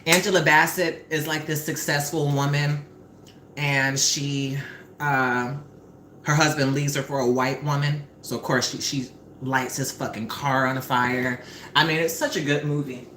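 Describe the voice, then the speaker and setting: Chatty young woman, live-stream host, cooking at home; low-pitched voice, lively and profane, echoey room. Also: a little slow. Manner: animated, chatty storyteller, swears freely. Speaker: livestream host. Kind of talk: casual live-stream chat while cooking. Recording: roomy with faint background noise.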